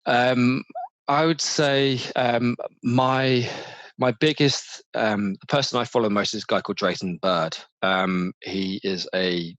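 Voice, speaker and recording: A middle-aged man, chatting casually as an interview guest, animated, often restarting his sentences. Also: medium pitch, slow, no room sound. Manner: animated, restarts often, mimics others' voices. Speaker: marketing manager, interview guest.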